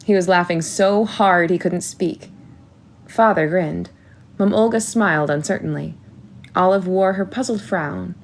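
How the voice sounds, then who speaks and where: A woman narrating a first-person audiobook in a measured storytelling manner. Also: on the low side, gravelly.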